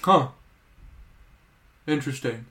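A man playing a clumsy, friendly male giant in a comedy sketch, speaking in slow, goofy sing-song rhymes. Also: medium pitch, bright, forceful tone.

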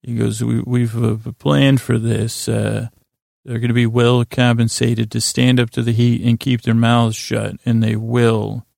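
A man hosting a sleep podcast, recapping a story in a rambling, halting way with many fillers. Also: medium pitch, level tone, creaky, a little mellow, dry recording, studio quality. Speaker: podcast host.

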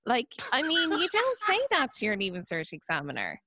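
A woman's voice: a little high, normal speed. An Irish woman in her thirties co-hosting a casual chat, telling stories and teasing her co-host. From Ireland. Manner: lively, teasing storyteller. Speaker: podcast co-host.

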